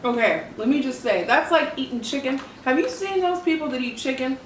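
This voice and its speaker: A woman's voice: high-pitched, lively intonation, fairly quick, echoey room, far from the mic, a little hiss or hum, low-quality recording. A woman hosting a casual lunch chat, exclaiming and giggling, who is recovering from a cough. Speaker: channel host. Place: home dining table.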